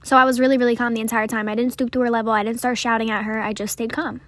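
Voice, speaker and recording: A woman's voice: on the high side, flat delivery, rapid-fire, no echo. A young woman telling her own story in a chatty, casual way, full of "like" and swearing.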